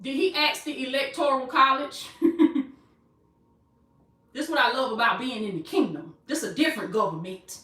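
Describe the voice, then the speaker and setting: High-voiced woman preaching, echoey room. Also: moderate pace, long pauses, sharp tone, recorded from a distance. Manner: call-and-response, repeats phrases, calls listeners baby. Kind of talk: preaching motivational sermon.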